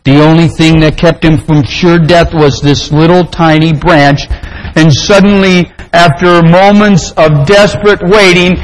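A man pastor preaching a sermon, praying and telling a story in an earnest, deliberate way. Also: on the high side, fairly even intonation, poor audio. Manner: slow, deliberate, earnest delivery.

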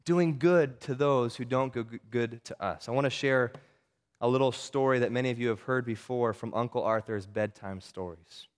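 A man's voice: mid-range voice, moderate pace. A man preaching a sermon as pastor, earnest and often repeating words as he builds a point.

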